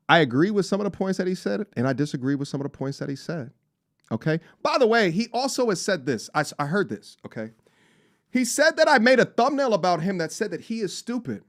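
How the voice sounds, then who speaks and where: Male streamer, high and lively voice, playful and teasing, laughs a lot. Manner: playful, teasing, laughs often, jumps between hype and mock-serious. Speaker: live stream host reading super chats. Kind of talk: casual live stream chat. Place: travelling abroad.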